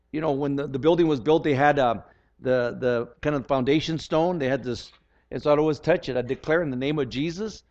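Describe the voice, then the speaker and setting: Older guy preaching a sermon, earnest, keeps restarting his words, kinda high voice, muffled lo-fi sound. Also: darkish tone. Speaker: pastor. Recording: dull lo-fi recording.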